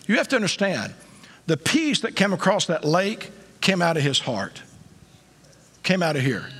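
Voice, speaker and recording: A male pastor delivers a sermon in a husky, slightly high voice, his pitch leaping up and down as he presses each point. His emphatic preaching moves between hushed asides and loud peaks. A long reverb from the church sanctuary trails after his words.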